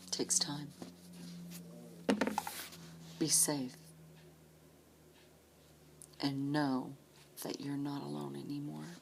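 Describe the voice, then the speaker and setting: A woman in her late forties talks straight to her viewers in a low, gravelly voice. Her delivery is slow and earnest and often drops close to a whisper. She sounds like she is holding back tears, and a faint hiss sits under the recording. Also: flat delivery. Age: 40s. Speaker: vlogger. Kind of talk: personal vlog message.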